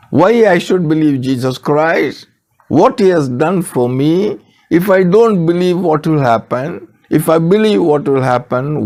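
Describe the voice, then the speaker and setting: An older man preaching a sermon, slow and emphatic, repeating key phrases and asking rhetorical questions. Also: on the high side, gravelly, darkish tone.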